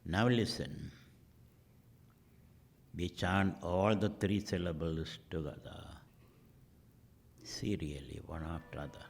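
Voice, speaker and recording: A middle-aged man leading a guided meditation, speaking in slow, measured phrases that trail off into whispers. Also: deep voice, fairly even intonation, a little mellow. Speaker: meditation teacher.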